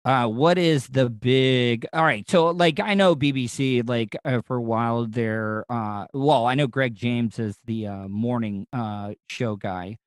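A man's voice: medium pitch, a little slow, hardly any pauses, smooth, no room sound. A man with a Southern American accent talks in a loose, rambling way, piling up fillers and false starts. His voice sits in a middle register and sounds dry and close, with no room around it. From Southern United States. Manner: chatty, rambling, lots of fillers and restarts. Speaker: radio host. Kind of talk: casual interview chat.

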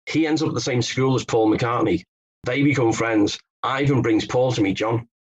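A man's voice: medium pitch, moderate pace, slightly rough, muffled recording. A man from England, a guest author telling stories in an interview, hesitant with many restarts. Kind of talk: conversational interview.

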